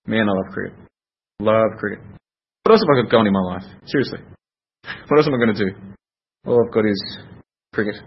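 Male podcast host, casual sardonic rambler, husky, lo-fi home sound. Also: on the low side. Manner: rambling, sardonic, talks to himself. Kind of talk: casual commentary while watching cricket.

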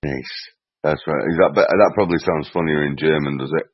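A man's voice: very deep voice, fairly quick, breathy edge, no echo. A man in a casual group chat, hesitant and repeating himself, with dry mocking remarks. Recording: dry dull lo-fi call audio.

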